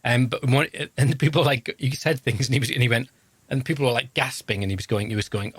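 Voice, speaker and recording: A man's voice: mid-range voice, brisk, a bit bright, breathy edge, no echo. A man, hosting a podcast in a casual, rambling, self-deprecating, jokey way. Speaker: podcast host. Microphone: podcast microphone.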